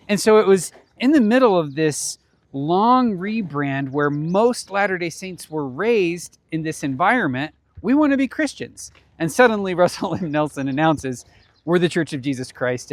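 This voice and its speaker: A man's voice: a little high, dry recording. A man presenting for a ministry foundation, giving a casual explanatory talk outdoors on a mountain trail, conversational and chuckling now and then. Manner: conversational, with frequent small chuckles.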